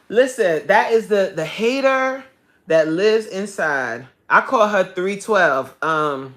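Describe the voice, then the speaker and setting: Lively, loud woman coach. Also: mid-range voice, slow pace. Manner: animated, loud, laughing, swearing freely. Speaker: fitness coach. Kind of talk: casual live-stream chat.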